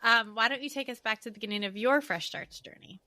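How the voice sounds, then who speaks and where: Bright-voiced woman podcast co-host. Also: on the high side, fast talker. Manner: friendly, agreeing backchannel. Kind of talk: podcast interview.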